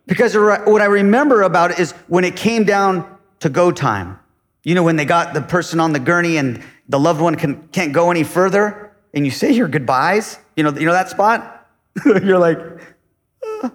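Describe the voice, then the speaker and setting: A high-pitched pastor preaches at a moderate pace, and the sound is that of a big room. He questions the congregation rhetorically, moving between loud emphasis and quiet asides.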